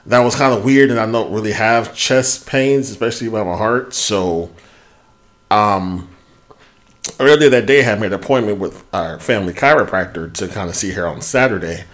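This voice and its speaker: A man co-hosting a podcast, telling a story in casual chat, animated and swearing freely as he goes. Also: lowish voice, moderate pace. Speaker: podcast co-host.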